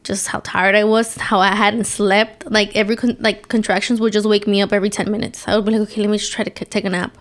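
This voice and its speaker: A woman's voice: mid-range voice, flat delivery, fast talker, hardly any pauses. A young woman guest on a podcast, casually telling a story in English mixed with Spanish words. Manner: mixes Spanish words into English, tells her birth story. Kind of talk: casual chat.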